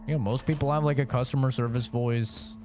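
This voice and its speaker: Over soft background music, a man provides live-stream gaming commentary in a mid-range, darkish voice with fairly even intonation. He speaks a little fast, chatting casually and rambling with plenty of fillers.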